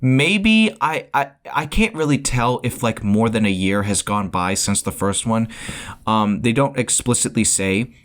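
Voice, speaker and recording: A man's voice: medium pitch, animated, unhurried. A man giving a casual spoiler review of a film, rambling as he goes, often repeating words and restarting sentences. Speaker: movie reviewer.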